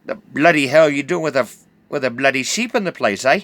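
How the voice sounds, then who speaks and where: A brash, burly young gang member with a New Zealand accent, blunt and demanding, as a storyteller puts him on. The voice has a gravelly edge and sounds dry and close. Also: male voice, medium pitch, lively intonation, a little fast, fairly bright tone, dry recording. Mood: gruff.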